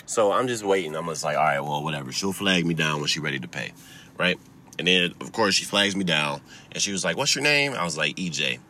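A young man casually telling a story, profane and laughing, getting heated and loud as he goes. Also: deep voice, fairly quick, a little hiss or hum.

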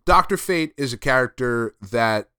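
A man's voice: mid-range voice, expressive, a little slow, pushed and bright, clean tone, no room sound, clean studio sound. A man hosting a podcast, casually recapping and reviewing a comic, laid-back and a bit profane. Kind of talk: casual chat.

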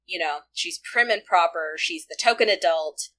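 A woman co-hosting a casual fan podcast, chatty and animated, with many fillers and asides. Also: lowish voice, moderate pace. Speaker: podcast co-host.

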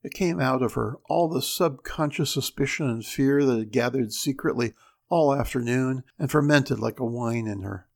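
A man reading a story aloud as narrator, measured with dramatic pauses. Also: mid-range voice, vocal fry, darkish tone.

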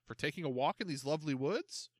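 A man's voice: fairly high pitch, lively intonation, quick pace, no room sound, clean studio sound, pitched above the performer's own voice. A man playing a sly, innocent-acting suspect. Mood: mock innocent. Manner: mock-innocent, protesting. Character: smooth-talking male suspect, feigning innocence.

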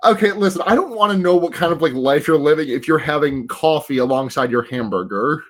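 A man's voice: fairly high pitch, animated, fairly quick. A young man hosting a podcast in casual chat, giggly and stumbling over repeated words. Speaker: podcast host.

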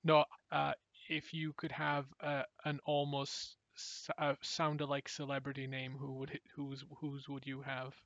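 A man's voice: medium pitch, completely flat delivery, a little slow, gravelly, a bit bright, dry recording, muffled recording. A man hosting a podcast in casual chat, rambling and giggling as he trails off and restarts his thoughts. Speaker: podcast host.

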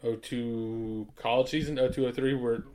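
A man's voice: mid-range voice, fairly even intonation, moderate pace, a little mellow. A man hosting a casual sports podcast, laid-back, swearing and laughing often. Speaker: podcast host.

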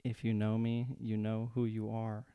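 Smooth-voiced young man, swearing podcast chat. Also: on the low side, monotone, normal speed, phone-quality sound. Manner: joking, rambling, swears a lot. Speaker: podcast co-host. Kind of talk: casual profane chat.

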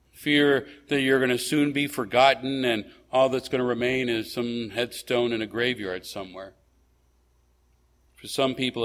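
A man's voice: mid-range voice, fairly bright tone. A man preaching a sermon as a pastor, talking conversationally with frequent hesitations, restarts and rhetorical questions.

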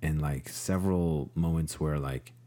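A man's voice: extremely low pitch, measured pace, mellow. A man co-hosting a podcast in casual chat, laid-back and rambling with many fillers.

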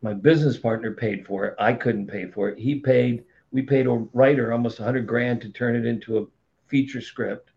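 A middle-aged man, appearing as a podcast guest, tells blunt, profane, animated stories about his career in a casual storytelling style. His mid-range voice has vocal fry and a moderate pace, and the recording sounds dull and lo-fi.

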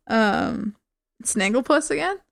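A woman's voice: on the high side, expressive, slow, gravelly, fairly bright tone. A woman co-hosting a podcast in casual chat, laughing and guessing hesitantly. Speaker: podcast co-host answering quiz.

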